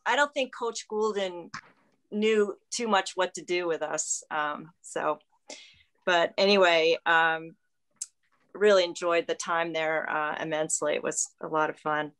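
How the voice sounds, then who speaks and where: Chuckling low-voiced woman in her sixties. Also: steady tone, unhurried, low-quality recording. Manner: warm and chuckling, loosely recalled. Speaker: former athlete guest. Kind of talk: reminiscing on a video call.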